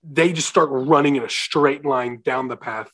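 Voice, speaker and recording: A young man co-hosting a casual chat about a film, animated and laughing, quoting characters in his own voice. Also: medium pitch, normal speed.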